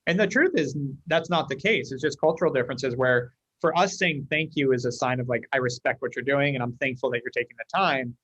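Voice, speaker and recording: Brief: American male guest, rapid anecdotal delivery, slightly dull recording. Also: medium pitch, slightly rough, dry recording. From United States. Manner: fast, animated storyteller acting out dialogue. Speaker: guest, company leader. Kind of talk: casual interview talk.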